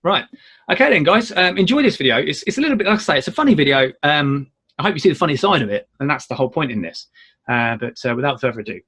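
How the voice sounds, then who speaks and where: A man with a slightly husky voice co-hosts a casual show. He talks in a loose, rambling way full of fillers, and his pitch rises and falls a great deal. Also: quick pace. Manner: rambling, filler-heavy, lively intonation. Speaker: co-host. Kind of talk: casual chat show talk.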